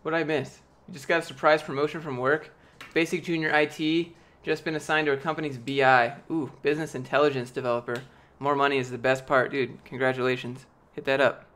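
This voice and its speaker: A man's voice: medium pitch, flat delivery, a little fast, few pauses, a bit bright. A young man chatting casually on a live stream, answering chat with rambling, jokey, profane talk.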